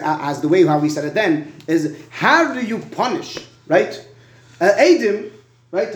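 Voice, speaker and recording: A man teaching a Talmud study session, reasoning aloud in quick bursts and repeating words as he thinks, in an echoey room. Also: high voice. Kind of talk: animated Talmud study debate.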